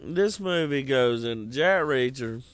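A man's voice: medium pitch, expressive, slow pace, no room sound. A man in casual movie chat, rambling and profane, slipping into goofy voices as he retells scenes.

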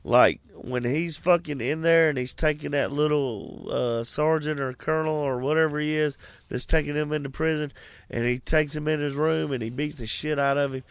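A man's voice: fairly high pitch, steady tone, moderate pace, smooth, no echo. A man in casual movie chat, rambling and profane, slipping into goofy voices as he retells scenes.

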